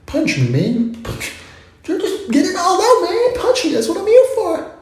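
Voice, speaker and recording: A man voicing an eager talking punching bag that eggs the hitter on, in a squeaky, laughing voice. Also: wildly swooping pitch, unhurried, far from the mic, full character voice. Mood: egging on. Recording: very echoey room.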